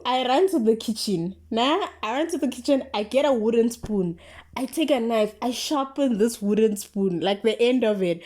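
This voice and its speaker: Young South African woman, casual storytime vlogger; mellow, animated, slangy delivery with lots of filler words. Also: on the high side.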